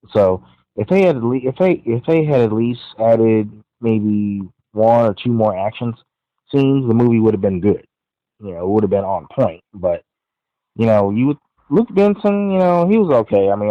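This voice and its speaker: A man's voice: on the low side, no room sound. Podcast guy reviewing a movie, lots of "you know" and restarts, thin tinny phone sound. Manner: rambling, many fillers and restarts. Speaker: podcast host.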